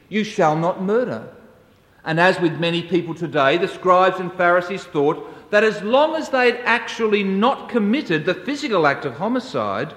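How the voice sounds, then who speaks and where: Slow-spoken preacher in an echoey hall. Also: male voice, sits high, fairly bright tone. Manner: slow, measured storytelling. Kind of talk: sermon. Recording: echoey hall, distant mic.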